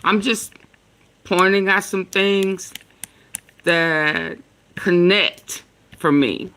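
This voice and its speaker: Slow, bright-voiced woman vlogger. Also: on the low side, clear, resonant tone. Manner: slow, earnest, rambling with fillers. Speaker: commentary vlogger. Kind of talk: casual commentary.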